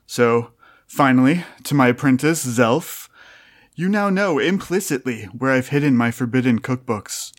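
A smug old chairman who taught cooking, scheming to the last, played by a man. He speaks in a measured, unhurried manner, with a voice neither high nor low. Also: animated.

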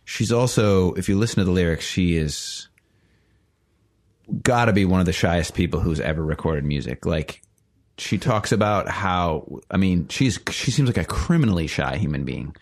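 A man on a podcast panel giving a thoughtful, measured opinion in casual chat. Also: low-pitched, animated.

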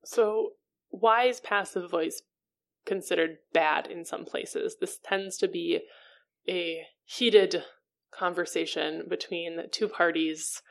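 A woman's voice: on the low side, creaky. A woman co-hosting a podcast, chatting casually and playfully, with frequent "kind of" and "um.". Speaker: podcast co-host. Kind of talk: casual chat.

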